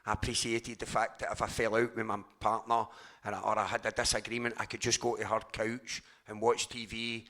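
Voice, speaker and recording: Gravelly Glaswegian man, candid and raw. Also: on the low side, little pitch movement, bright, forceful tone. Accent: Glaswegian Scottish. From Scotland, Glasgow. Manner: candid and raw, swears freely, halting restarts. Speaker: speaker sharing at a recovery convention. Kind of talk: personal recovery share.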